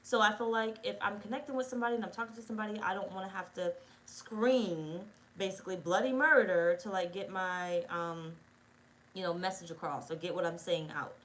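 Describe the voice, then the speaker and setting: A woman with a medium-pitched voice gives her viewers a tarot reading, rambling casually, swearing freely and often checking they're following as she talks straight to them. She speaks briskly, and the audio quality is poor.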